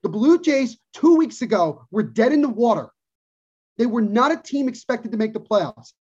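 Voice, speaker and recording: A man's voice: very high-pitched, lively intonation, normal speed, a little mellow, breathy edge. A man co-hosting a podcast, ranting emphatically about sports and repeating his points for stress. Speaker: podcast co-host. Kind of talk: casual sports talk, opinionated rant. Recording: dull lo-fi podcast audio.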